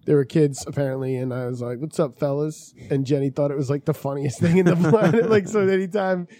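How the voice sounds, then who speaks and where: A man's voice: a little high, quick pace, dark tone, no echo, clean studio sound. A man co-hosting a podcast who tells stories in a laid-back way and laughs often. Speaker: podcast co-host. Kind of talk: casual chat.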